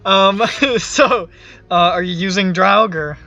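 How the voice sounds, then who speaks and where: Guy running a tabletop game, slow bright voice, kinda muffled lo-fi audio. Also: sits high. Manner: unhurried descriptive narration. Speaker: game master. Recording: dull lo-fi audio with faint music.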